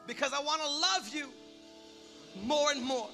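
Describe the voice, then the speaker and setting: A man preaching a sermon, shouting in bursts and then dropping to quiet prayer. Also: extremely high pitch, moderate pace. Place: church hall. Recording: long hall reverb with music behind.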